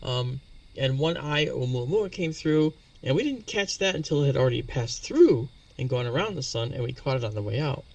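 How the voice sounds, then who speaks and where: A man with a gravelly, creaky voice, heard a little set back from the mic. He talks patiently as an interview guest and spells out the terms he uses. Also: mid-range voice, lively intonation, moderate pace, darkish tone, recorded from a distance. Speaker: astronomy guest expert. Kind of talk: explanatory interview talk.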